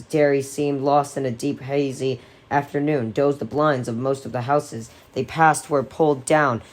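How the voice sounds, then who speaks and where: A woman reading a horror novel aloud in a measured, steady way. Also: extremely low pitch. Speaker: audiobook reader.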